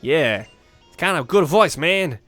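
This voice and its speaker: Playing through a game, a young man talks a little fast in an expressive mid-range voice, poking fun at himself and swearing offhandedly. It's let's-play commentary from a gaming YouTuber who reads dialogue in put-on voices, with faint game music underneath.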